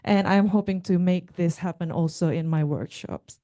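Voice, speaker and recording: A young woman gives a talk with slides, speaking haltingly with fillers and restarts. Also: fairly low pitch, mellow. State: out of breath. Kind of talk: conference talk.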